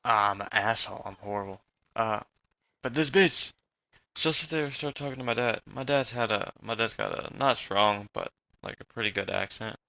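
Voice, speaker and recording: A young vlogger with a slight Southern accent rants loosely while he plays, swearing often, rambling, and restarting sentences. His lowish, creaky voice sounds bright and tense at a moderate pace, and the poor-quality recording is dry with no echo or room sound.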